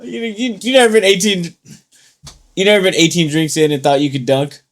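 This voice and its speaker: A man's voice: high-pitched, fairly even intonation, fairly quick, a bit bright. A young man co-hosting a casual chat, telling loose, profane stories and acting out what people said, a little tipsy from drinking. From United States. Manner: loose, profane storytelling with acted-out quotes. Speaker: podcast co-host.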